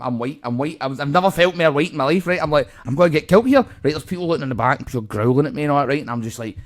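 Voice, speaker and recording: A Scottish man with a medium-pitched voice co-hosts a comedy podcast, telling a story in relaxed conversation. He swears heavily and performs the voices of the people in his tale.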